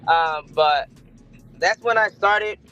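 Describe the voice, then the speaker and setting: A man's voice: high voice, slow pace, sharp tone, highs cut off, faint music behind. A sick middle-aged man, a dog breeder guest, chatting casually and rambling with many fillers. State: sick, chewing a lozenge. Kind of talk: casual podcast chat.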